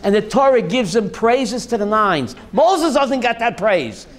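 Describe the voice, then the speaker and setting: A man, a rabbi, giving a lively Torah class, calling on listeners by name and slipping in Yiddish and Hebrew words. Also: high-pitched, a little slow. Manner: lively, addresses listeners by name, jokey asides; mixes Yiddish and Hebrew terms. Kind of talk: animated Torah class to a live group.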